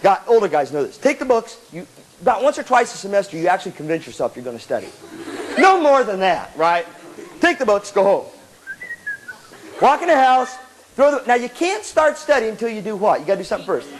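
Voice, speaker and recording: A man giving a jokey motivational seminar talk to students, animated and calling listeners "man". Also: high voice, a little fast, rough recording. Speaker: motivational speaker. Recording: old tape with loud crowd laughter and hiss.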